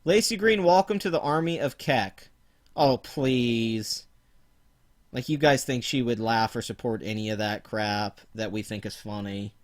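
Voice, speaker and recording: A man's voice: mid-range voice, a little slow. A man casually chatting on a livestream, laid-back, rambling and profane. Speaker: livestream host.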